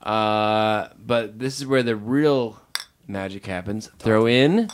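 A man's voice: on the low side, takes it slowly, slight background noise. A man co-hosting a casual podcast chat, joking in a dry way. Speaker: podcast co-host.

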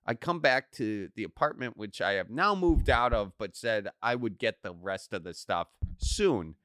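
A man hosting a podcast, telling stories in a casual, animated, joking way. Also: lowish voice, normal speed. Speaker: podcast host. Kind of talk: casual chat.

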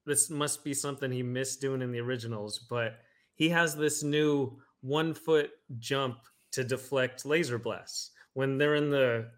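A man in casual podcast chat, telling stories in an animated, playful way. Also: mid-range voice, unhurried.

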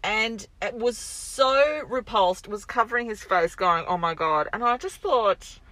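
A woman's voice: on the high side, measured pace, fairly bright tone, no room sound. A middle-aged woman, co-hosting a podcast and telling wry anecdotes in casual chat. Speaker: podcast co-host.

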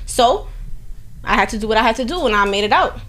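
A young New York woman talks in blunt, profane casual chat, her voice bright and a little high. She circles back and repeats her phrases as she speaks. A faint hum of ambient noise sits under her. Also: expressive, fast. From Harlem, New York.

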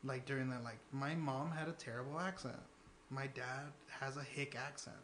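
A man's voice: mid-range voice, steady tone, moderate pace, fairly bright tone, slight background noise. A young man from Texas, a stand-up comedian, talking loosely in a casual interview with lots of fillers and laughs. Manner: loose and chatty, filler-heavy, laughs between lines.

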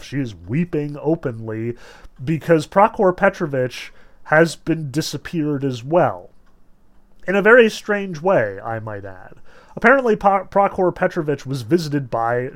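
A man casually talking through a novel, reading passages aloud, with frequent "like" and "you know" and amused asides. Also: on the high side. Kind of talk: casual book discussion with read-aloud passages.

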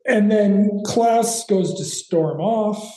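A man's voice: sits high, takes it slowly, warm tone, roomy sound, rough recording. A man co-hosting a podcast, recapping a TV episode in rambling casual chat with sarcastic asides. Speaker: podcast co-host.

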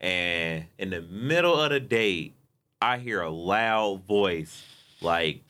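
A young man hosting a casual chat, telling a story with lively acted-out voices. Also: sits low, slow. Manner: animated storyteller, acts out voices.

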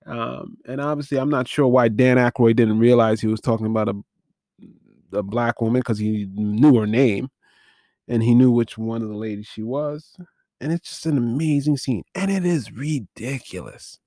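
A man's voice: medium pitch, moderate pace, darkish tone, no room sound, studio quality. A man hosting a podcast, recapping a film in a rambling, incredulous way and often correcting himself. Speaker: podcast host. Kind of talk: casual film-recap commentary.

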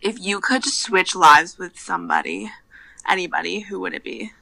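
A woman's voice: on the low side, normal speed, gravelly, bright, forceful tone, exaggerated voice, low-quality recording. A woman calling into a podcast, putting on an Australian accent as a bubbly caller, giggly and gushing. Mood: playful. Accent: put-on Australian. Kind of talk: comedic phone-in bit.

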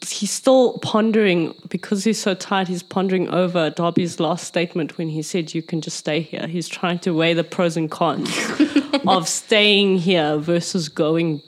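A woman's voice: on the low side, fairly even intonation, measured pace. A woman playing in a tabletop game, describing her character's actions in a giggly, rambling way. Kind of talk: casual tabletop role-play.

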